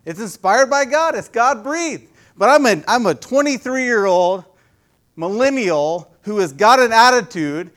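High-voiced man preaching casually. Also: sing-song, measured pace, fairly bright tone. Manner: conversational, asks the audience many questions. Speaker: youth pastor. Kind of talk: casual sermon to a congregation.

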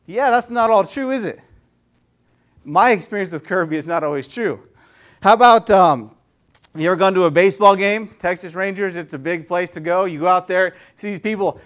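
High-voiced man preaching casually. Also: fairly quick, a bit bright, smooth. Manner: conversational, asks the audience many questions. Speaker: youth pastor. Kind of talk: casual sermon to a congregation.

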